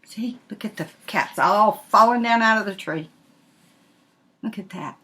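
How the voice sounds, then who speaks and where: An older woman, a grandmother, reading a picture book aloud in an animated way and asking the listener questions. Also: medium pitch, unhurried. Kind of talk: storybook read-aloud.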